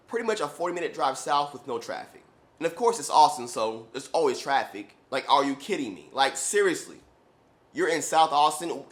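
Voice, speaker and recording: A young man, a running shoe vlogger, telling a story in an animated, exasperated way, full of "like". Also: medium pitch. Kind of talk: casual storytelling.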